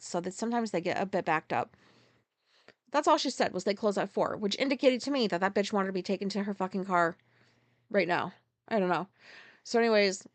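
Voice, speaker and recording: A woman in her forties hosting a casual solo podcast, rambling through a story, swearing freely and loudly acting out her own outbursts. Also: mid-range voice, no echo. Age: 40s. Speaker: podcast host. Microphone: podcast mic.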